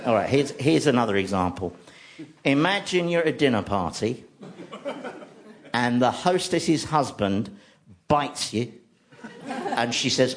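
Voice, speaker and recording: A man tells comic stories for a radio show in a wry, deadpan manner. His pitch moves about in a lively way as he talks. A steady background noise runs under the recording. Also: measured pace, pauses often. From London, England. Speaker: comedy host. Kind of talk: stand-up comedy monologue on radio.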